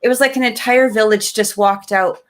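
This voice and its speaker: A woman from Canada, co-hosting a podcast, tells a personal story in a lively, emotional way, full of restarts and fillers. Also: fairly high pitch, fairly quick. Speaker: podcast co-host. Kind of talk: casual storytelling in an interview.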